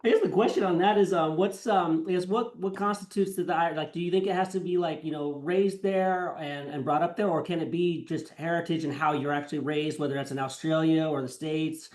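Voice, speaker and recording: A man's voice: a little high, fairly even intonation, a little fast, few pauses, a little mellow. A man hosting an interview, asking questions in a hesitant way as he searches for words. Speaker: podcast host.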